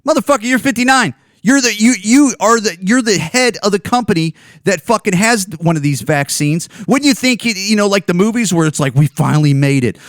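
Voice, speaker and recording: A man's voice: high voice, lively intonation, a little fast, fairly bright tone, no echo, studio quality. A man in his forties from the Chicago area, hosting a podcast and ranting angrily with lots of swearing and repetition. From Chicago area, USA. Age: 40s. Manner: angry, profane, repetitive. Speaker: podcast host.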